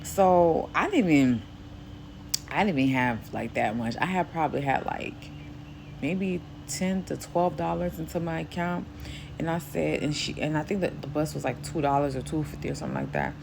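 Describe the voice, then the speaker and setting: A woman from New York casually telling a personal faith testimony, acting out quoted speech in a higher voice. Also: animated, normal speed, gravelly, background noise. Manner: grows quieter and softer later in the story. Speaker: Christian vlogger.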